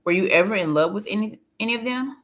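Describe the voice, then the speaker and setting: A woman reading an audiobook, voicing a calm counselor who asks gentle, coaxing questions. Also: medium pitch, fast talker, voice pushed up, close to an everyday voice. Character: middle-aged woman counselor, calm and probing. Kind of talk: audiobook narration.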